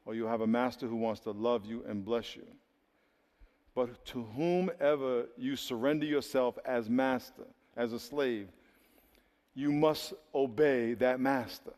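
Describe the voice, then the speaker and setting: A man preaching a sermon in a lively, joking way, acting out little dialogues for his congregation. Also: medium pitch, a little slow. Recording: reverberant hall.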